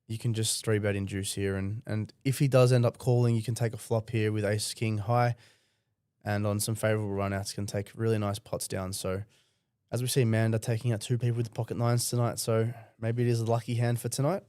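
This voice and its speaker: A man's voice: lowish voice, flat delivery, a little fast, warm tone, smooth, no room sound, studio quality. Casual man breaking down poker hands. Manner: analytical, casual, explains plays. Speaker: poker commentator. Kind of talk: live poker strategy commentary. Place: commentary booth.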